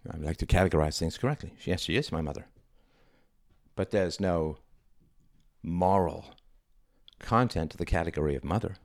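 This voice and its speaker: A man's voice: low voice, normal speed, pauses often, no room sound, clean studio sound. A middle-aged man, hosting his own show, talking through ideas in a reflective, conversational and sometimes emphatic way. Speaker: podcast host. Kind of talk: solo monologue.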